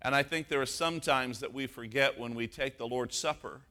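A man preaching a sermon as pastor, moving from a personal story to emphatic, slowed stress on key words. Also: medium pitch, bright, forceful tone.

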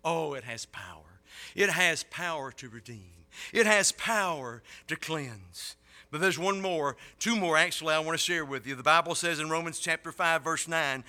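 Male preacher, high-ish and very bright, sermon that swells to impassioned peaks. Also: expressive, moderate pace. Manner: builds to loud impassioned peaks, then drops low.

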